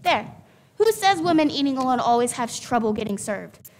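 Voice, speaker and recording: A woman's voice: high-pitched, very animated, moderate pace, slight background noise. A woman playing a pushy, impatient diner demanding service in a stage play. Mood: bossy. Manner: loud, pushy and commanding.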